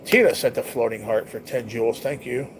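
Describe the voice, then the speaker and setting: A medium-pitched male voice moves at a fairly quick pace as he hosts a casual livestream. There's noticeable background noise while he chats bluntly with viewers, rambling, swearing and dropping slang.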